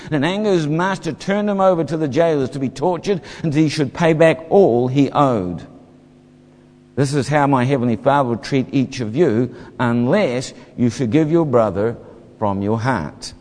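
A man's voice: a little high, expressive, normal speed, a little mellow. A man preaching a sermon, reading scripture and explaining it, briefly acting out voices from the story. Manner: expository, acts out the parable's voices. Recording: hall reverb.

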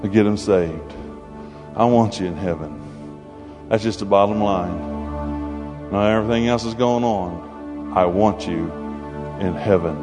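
A man preaching a sermon to a congregation, animated and conversational, with playful asides. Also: on the low side, a little slow, pauses often. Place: church hall before a congregation. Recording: long hall reverb with faint music.

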